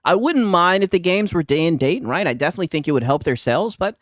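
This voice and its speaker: A man's voice: sits high, lively intonation, fast, fairly bright tone, dry recording, clean studio sound. A man hosting a casual gaming podcast, laughing often, swearing freely and throwing in mocking asides. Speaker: podcast host.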